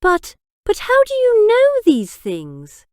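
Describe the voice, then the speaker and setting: A woman reads a fat male drug boss in a storybook, a blusterer caught at gunpoint. He bursts out in high, loud yelps. The voice stays clear and dry. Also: very animated, a little slow, no room sound. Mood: flustered.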